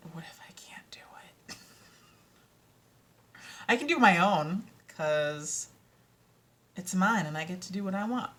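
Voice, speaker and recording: A woman's voice: deep voice, a bit bright. A tired woman with a Minnesotan accent chatting in a casual vlog, rambling and self-doubting, often dropping into whispers. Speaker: vlogger and audiobook narrator.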